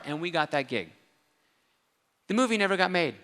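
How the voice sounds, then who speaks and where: Man, comic storyteller on stage, high and bright, hall reverb. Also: brisk, gravelly, long pauses. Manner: animated, comic storytelling with quoted voices. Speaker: speaker at a convention.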